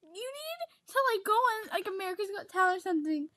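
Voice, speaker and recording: A woman on a video call with a very high, lively voice that leaps around as she gushes. She is excitable and swears freely. The sound is dry and close. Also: quick pace, no room sound. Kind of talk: casual chat.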